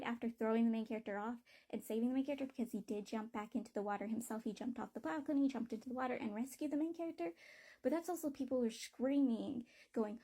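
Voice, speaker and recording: Woman ranting about a book she hates, swears a lot, kinda high but mellow voice. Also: fast talker, breathy edge. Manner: blunt, profane, exasperated. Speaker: book reviewer. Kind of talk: casual book review rant.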